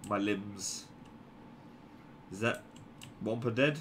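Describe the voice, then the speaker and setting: A young man giving casual, jokey commentary over his gameplay, swinging from low mutters to sudden yelps. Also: normal speed, bright, forceful tone, slight background noise.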